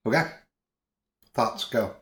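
A man co-hosting a podcast, chatting casually and playfully, with quick laughs and mock-dramatic readings. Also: fairly bright tone. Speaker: podcast co-host. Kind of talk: casual chat. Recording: roomy echoey sound.

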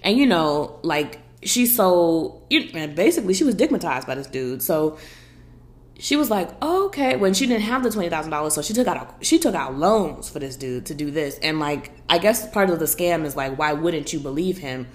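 A woman's voice: low voice, lively intonation, normal speed. A woman hosting a podcast, chatting casually in a sassy, blunt, profane way and telling stories with lots of energy. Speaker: podcast host. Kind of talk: casual opinion chat.

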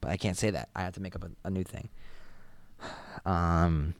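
This young man runs a solo podcast where he rambles loosely, curses heavily, and pokes fun at himself along the way. He speaks in a low-pitched voice at a moderate pace, his intonation fairly even.

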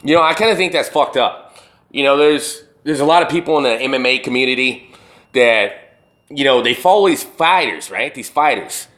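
A man's voice: medium pitch, moderate pace, a bit bright. A man hosting a solo podcast, talking in a rambling, profane and emphatic way. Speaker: podcast host. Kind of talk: casual solo podcast rant.

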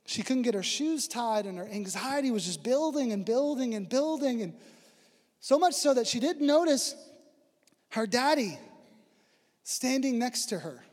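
A man with a strikingly high voice delivers a sermon. He is earnest, pushing up into emphatic preaching and then falling quiet and low. A long hall reverb trails his words. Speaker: pastor.

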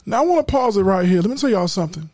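Emphatic high-voiced podcast host. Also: male voice, expressive, rapid-fire, darkish tone, dry recording, studio quality. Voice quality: emphatic, preacherly, repeats words. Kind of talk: casual commentary.

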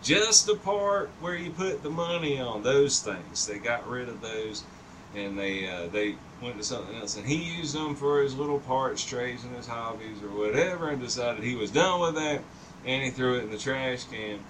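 A man's voice: medium pitch, normal speed. A man in his fifties telling a long story in casual chat. He rambles, swears freely and laughs often. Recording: distant mic with noticeable background noise.

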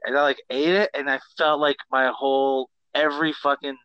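A man co-hosting a podcast, telling stories in a casual, swearing, animated way. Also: medium pitch, fairly quick, smooth, muffled recording. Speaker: podcast co-host. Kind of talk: casual chat.

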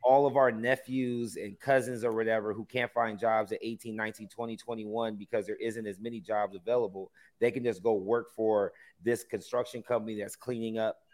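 Man, lower pitch, hesitant sarcastic musing, casual group talk. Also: fairly even intonation, a little fast, few pauses, a little mellow. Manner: hesitant, sarcastic, thinking aloud.

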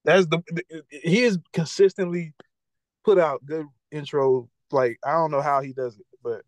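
A young man from talks in a loose, rambling way, leaning on fillers as he co-hosts a casual chat show. His voice sits a little higher than most men's. The sound is dry and close, with no room around it. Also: moderate pace, no room sound, low-quality recording. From Maryland, USA. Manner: laid-back, rambling, lots of "like" and "bro". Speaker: podcast co-host.

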